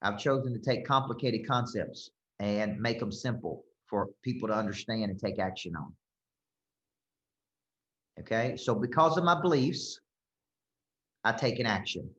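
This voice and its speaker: A man's voice: on the low side, animated, a little slow, pauses often, fairly bright tone. Emphatic male coach in a roomy space. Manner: emphatic, repetitive, asks "okay?" and "right?". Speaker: business coach. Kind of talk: coaching talk to a group. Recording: roomy, slightly dull sound.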